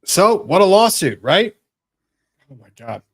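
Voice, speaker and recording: A man's voice: high voice, very animated, measured pace, breathy edge. A man hosting a casual online legal panel chat over a video call, wry and joking. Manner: wry, joking, talks to his dog in a soft voice. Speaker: show host.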